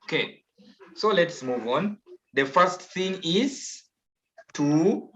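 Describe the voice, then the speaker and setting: Over a video call with dull, lo-fi sound, a Ugandan English-accented man teaches online, coaxing his pupils and patiently saying things again. His voice is a little high with lively intonation, and he speaks slowly, pausing often.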